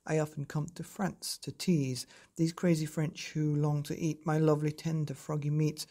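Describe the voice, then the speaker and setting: A storyteller voicing a calm, self-assured male magic toad who speaks low and softly. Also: moderate pace, close to an everyday voice.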